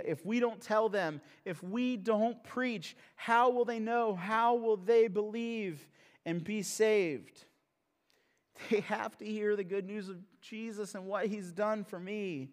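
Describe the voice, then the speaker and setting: A male pastor preaching a sermon in a humorous, conversational way that turns earnest. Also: high-pitched. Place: church sanctuary. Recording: long reverb of a large hall.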